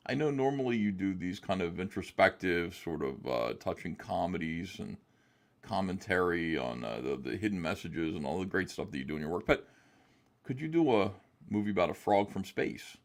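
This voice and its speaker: Male guest, deep and gravelly, loose and hesitant in casual chat. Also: very animated, moderate pace. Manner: rambling, hesitant with many fillers. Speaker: guest comic artist.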